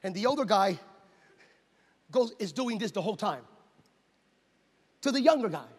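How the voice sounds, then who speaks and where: A man from the United States, a pastor, telling a story in a sermon and acting out the scenes with loud exclamations and voices. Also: high voice, sing-song, moderate pace. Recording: long hall reverb.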